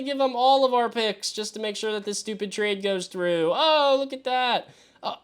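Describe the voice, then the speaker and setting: A man hosting a live stream as he works through a mock draft, talking to himself and swearing freely. He swings between exasperated yelps and low mutters. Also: moderate pace, clear, resonant tone. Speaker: fantasy football show host. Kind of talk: live-streamed solo commentary.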